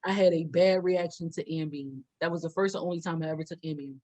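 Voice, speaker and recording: A young adult woman co-hosting a podcast, telling a story in a lively way and acting out the quotes. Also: deep voice, fast, rough recording. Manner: animated storyteller, acts out quotes with loud laughs. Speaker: podcast co-host. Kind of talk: casual storytelling chat.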